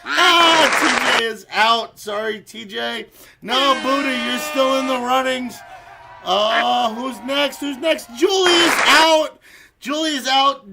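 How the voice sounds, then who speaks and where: A man's voice: extremely high pitch, unhurried, vocal fry. A man hosting a live stream, playfully announcing players as they drop out of a game, often laughing. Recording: loud crowd and noise behind.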